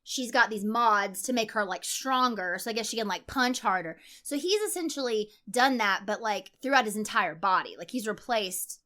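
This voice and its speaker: A woman's voice: medium pitch, animated, moderate pace, hardly any pauses, pushed and bright. A woman co-hosting a podcast, casually and animatedly reviewing a film, full of "like" fillers. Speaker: podcast co-host. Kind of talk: casual movie review chat.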